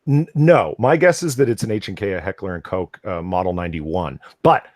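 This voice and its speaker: A man's voice: low voice, brisk, darkish tone, no echo, studio quality. A man hosting a casual comics livestream, rambling with lots of fillers and nerdy asides. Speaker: podcast host.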